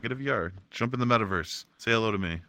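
Bright-voiced laid-back male podcast host. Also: on the low side, quick pace, smooth. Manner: laid-back, swears casually. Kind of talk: casual chat.

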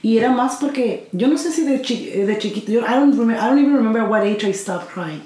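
A woman's voice: a little high, animated, quick pace, mellow. Reflective young woman, echoey room. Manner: reflective, mixes English and Spanish mid-sentence. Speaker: podcast co-host. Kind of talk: casual chat. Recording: echoey room with faint noise.

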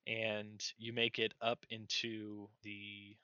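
A man narrating a tabletop game as game master in a relaxed, rambling way with fillers. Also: on the low side, slow, clear, resonant tone, no room sound, muffled recording.

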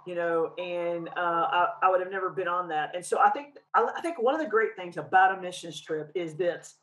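A woman's voice: on the low side, fairly quick, fairly bright tone, poor audio. A woman co-hosting a casual chat, speaking in a reflective, searching way. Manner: reflective, many fillers and restarts. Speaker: podcast co-host.

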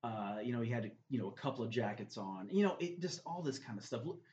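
A male guest earnestly tells a faith testimony in conversation, peppering it with "man." His mid-range voice is fast, lively in intonation, and a little mellow, captured in a roomy, slightly dull recording.

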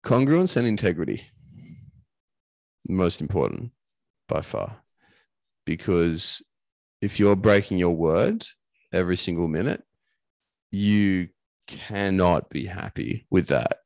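A man's voice: deep voice, takes it slowly, pauses often, no echo. A man, a coach and podcast guest, talking earnestly and emphatically in casual conversation, swearing now and then.

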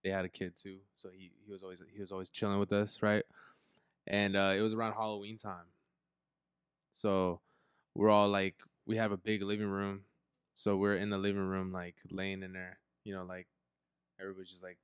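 A man's voice: low voice, monotone, a little fast, clean tone, no room sound, studio quality. A young man hosting a podcast, telling a childhood story in casual chat, with a lot of slang and swearing. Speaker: podcast host.

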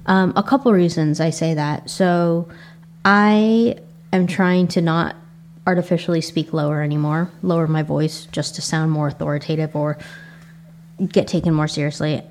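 A woman's voice: low voice, steady tone, normal speed, a little mellow, slight background noise. A young adult woman with an Asian American accent hosting a casual solo podcast, reflective and rambling with frequent restarts. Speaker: podcast host.

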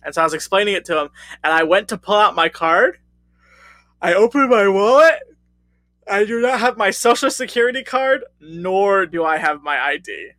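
A young man with a high, sharp-toned voice chats casually and rambles through his stories with loose profanity. He sounds tired and short on sleep. The sound is dry and close. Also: animated, normal speed, no echo. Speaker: podcast co-host. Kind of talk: casual chat.

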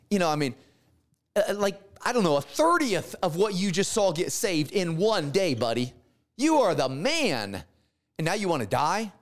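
A high-voiced man animates his Bible class, retelling stories casually, dropping slang asides and acting out each character.

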